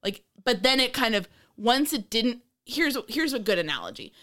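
A woman co-hosting a podcast, chatting casually in a rambling, animated way, with frequent swearing and laughter. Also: on the high side, normal speed. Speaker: podcast co-host. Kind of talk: casual chat.

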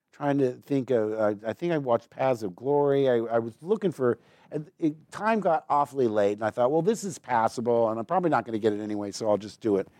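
An American man, a voice actor being interviewed, telling stories casually in a rambling, quick way full of restarts. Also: mid-range voice, warm tone, no echo.

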